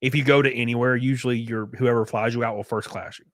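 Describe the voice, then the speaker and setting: A man's voice: mid-range voice, fairly even intonation, fast, no echo. A man hosting his livestream, ranting casually and profanely while mimicking people in mocking voices. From United States. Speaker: streamer host.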